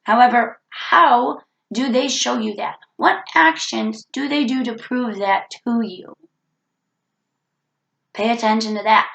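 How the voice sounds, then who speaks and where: A woman's voice: fairly high pitch, takes it slowly, gravelly, a bit bright, echoey room, low-quality recording. A woman with a cold talking earnestly into the camera in a reflective self-help vlog, repeating her key points. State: has a cold. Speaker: vlogger.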